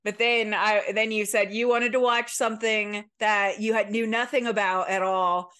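A woman's voice: mid-range voice, fairly even intonation, moderate pace, pushed and bright. A young woman co-hosting a podcast over a remote call, chatting casually, swearing now and then and restarting her sentences. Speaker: podcast co-host. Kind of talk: casual chat.

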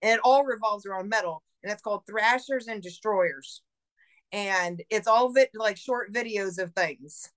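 In a medium-pitched voice at a moderate pace, an independent filmmaker chats casually as a podcast guest. She rambles, swears a lot, and uses "like" constantly.

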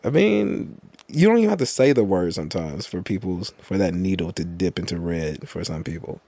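A man in casual podcast chat, laid-back and wry, often hesitating as he builds his point. His voice is low. The recording is dry and close to the mic. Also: animated, moderate pace, creaky, dark tone, no echo. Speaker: podcast co-host.

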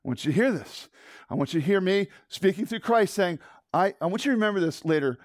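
A middle-aged pastor gives a fast, high-pitched sermon, recorded as clean studio sound with no echo. He's animated and conversational, alternating loud emphasis with hushed moments and questioning his congregation.

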